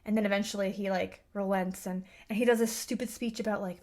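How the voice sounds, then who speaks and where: Reviewer: a woman, slightly high voice, ranting casually with lively exasperation. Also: moderate pace, few pauses. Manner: animated, exasperated, filler-heavy. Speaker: book and film reviewer. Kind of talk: casual rant to camera.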